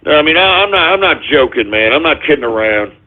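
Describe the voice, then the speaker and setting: A high-voiced man hosts a talk radio show, firing off a profane, exasperated rant that keeps jumping into shouts. The sound is thin and tinny, like it comes over a phone line. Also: animated, a little fast, a little hiss or hum. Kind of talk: ranting talk radio monologue.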